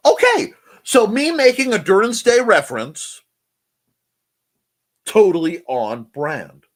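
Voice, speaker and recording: A man's voice: high voice, sing-song, slow pace, long pauses. A man hosting a casual live chat show, playful and jokey, often breaking into silly voices. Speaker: host.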